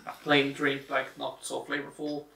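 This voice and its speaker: A man from Mexico with a Mexican accent, hosting a casual chat in a relaxed way, with lots of "like" and "right?". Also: medium pitch, moderate pace. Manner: relaxed, full of fillers like "like" and "right?". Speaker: host. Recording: echoey room, mic at a distance.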